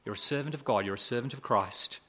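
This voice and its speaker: A man preaching a sermon, asking repeated rhetorical questions and swinging between loud emphasis and hushed asides. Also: medium pitch, fast talker, slightly rough.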